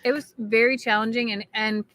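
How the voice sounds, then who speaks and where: A woman's voice: a little high, steady tone, a little fast, a bit bright. Chatty woman co-host, faint noise. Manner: chatty, enthusiastic, rambling. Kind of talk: casual chat.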